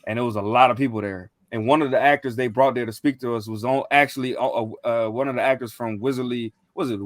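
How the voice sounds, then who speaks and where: A man's voice: medium pitch, steady tone, fast, no echo, studio quality. A young man in casual chat, telling a rambling, slangy story with lots of fillers and restarts. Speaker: podcast co-host.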